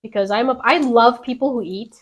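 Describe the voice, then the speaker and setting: A young woman with a slight British accent, chatting casually and excitedly while cooking on a stream. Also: a little high, fairly quick, lo-fi sound. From England from age fourteen. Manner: chatty, exclamatory, laughs often.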